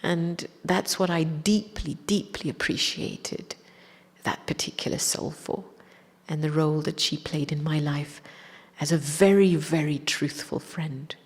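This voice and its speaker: A woman spiritual teacher recounts a personal story in a reflective, unhurried way, sinking now and then into a near-whisper. Her voice sits low and sounds husky, and a long hall reverb trails behind her words. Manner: reflective, often dropping to a whisper.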